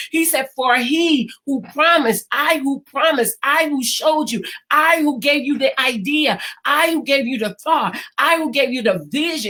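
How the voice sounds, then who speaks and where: High-voiced woman preaching a prophetic word. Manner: impassioned, repetitive preaching with slow emphatic quotes and some shouting. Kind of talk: prophetic sermon delivered live online.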